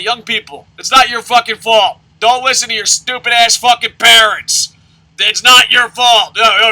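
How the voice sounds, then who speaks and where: Male host, profane ranting commentary, bright and cutting tone, yells often. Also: very high-pitched, poor audio. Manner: shouting, swearing constantly, loud outbursts. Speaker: wrestling news host.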